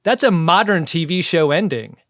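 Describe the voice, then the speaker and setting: Podcast co-host, man, high voice, dry close sound, chatty, laughs a lot. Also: normal speed, dry recording. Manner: chatty, animated, laughs often. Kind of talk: casual chat.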